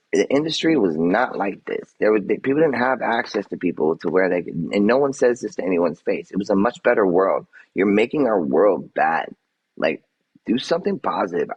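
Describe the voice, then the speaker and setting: A man's voice: lowish voice, breathy edge, muffled recording. An agitated man on a livestream answering his chat, defensive and swearing, repeating himself as he vents. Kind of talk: livestream rant.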